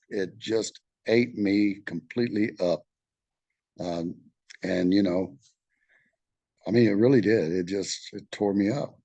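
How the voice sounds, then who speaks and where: A middle-aged Texan man leading a study group, reading aloud and sharing his own experience in a candid, halting way, with many fillers and restarts. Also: fairly low pitch, dark tone, dry recording. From Texas.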